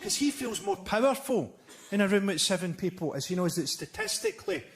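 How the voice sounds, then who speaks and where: A man doing live stand-up comedy, with a deadpan, dark, sardonic delivery and mocking impressions. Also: high-pitched, brisk. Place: theatre stage before a laughing audience. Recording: live theatre recording with loud crowd noise.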